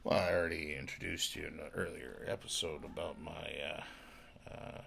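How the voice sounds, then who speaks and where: A man's voice: very deep voice, flat delivery, normal speed, gravelly, background noise. A man, drunk, telling rambling profane stories as a podcast host, from Alberta in Canada. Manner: rambling, profane, laughing asides.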